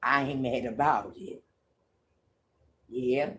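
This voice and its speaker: A woman hosting a livestream, telling a story in a profane, repetitive way. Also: very deep voice. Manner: slow, drawling, profane, repeats herself. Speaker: livestream host.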